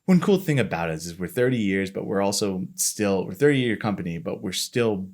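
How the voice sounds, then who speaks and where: A man's voice: on the low side, expressive, a little fast, darkish tone. A man in his thirties from Florida, hosting a casual interview and rambling through his story with self-mocking asides. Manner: rambling, self-mocking, acts out his own past thoughts. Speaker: podcast host, company marketing lead.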